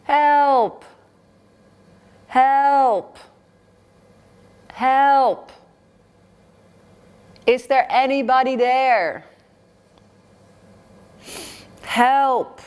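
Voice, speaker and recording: A woman acting out a desperate man shouting for help. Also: sits high, extremely slow, few pauses, smooth, voice pushed up, exaggerated voice. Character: desperate male pilgrim dangling from a cliff.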